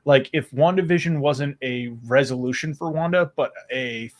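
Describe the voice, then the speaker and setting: A man's voice: medium pitch, moderate pace. Rambling man in casual podcast chat. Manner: long-winded, rambling analysis with profanity. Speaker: podcast co-host.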